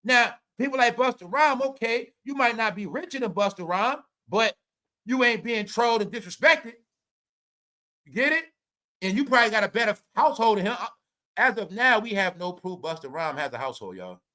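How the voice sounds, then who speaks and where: A man's voice: sits high, expressive, moderate pace. A man hosting a casual celebrity gossip rant, swearing, laughing often and talking straight to his viewers. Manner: loud, laughing, swearing, addresses viewers as y'all. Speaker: commentary host.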